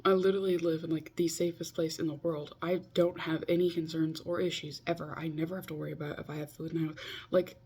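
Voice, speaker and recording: A woman in her twenties talks to camera over a video call in a loose, confessional vlog. Her voice sits a little low and comes out husky and breathy, and she pokes fun at herself as she rambles. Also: level tone, fast talker, dark tone. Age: 20s. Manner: chatty, self-mocking, talks to herself. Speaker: vlogger.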